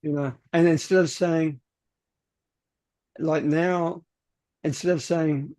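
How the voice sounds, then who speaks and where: A man with an Australian accent, chatting casually on a video call and explaining things slowly with examples. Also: a little high. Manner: relaxed, explains with examples, repeats words. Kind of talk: casual chat.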